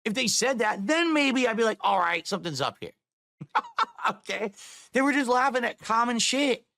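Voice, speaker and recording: A man's voice: extremely high pitch, very animated, moderate pace, gravelly, sharp tone, dry recording, studio quality. A man live-streaming a heated rant to his chat, swearing and firing off rhetorical questions.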